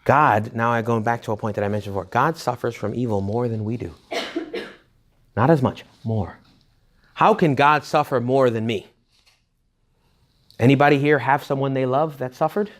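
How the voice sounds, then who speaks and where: A priest gives a retreat talk in a lively, conversational way, peppering the listeners with questions. He breaks into jokes and quick asides before circling back to his point. His voice sits at an ordinary middle pitch for a man. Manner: rhetorical questions directed at the audience. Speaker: Catholic priest leading a retreat. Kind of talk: informal retreat talk to young adults.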